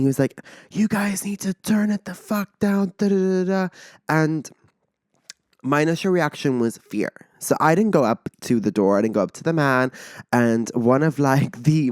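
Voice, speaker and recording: Twenties male podcast host, casual and lively storytelling, middle pitch, no room sound. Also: no echo, studio quality. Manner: animated, chatty, peppered with "like".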